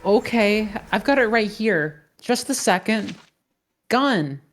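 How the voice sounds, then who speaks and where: A woman's voice: medium pitch, animated, slow. A woman reading a young boy's game lines.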